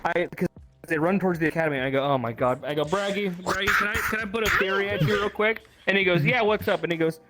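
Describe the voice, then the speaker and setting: A man's voice: sits high, quick pace, over loud music. A man recapping a roleplay session in casual chat, telling it animatedly and swearing often. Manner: animated storytelling, swears often, acts out quotes.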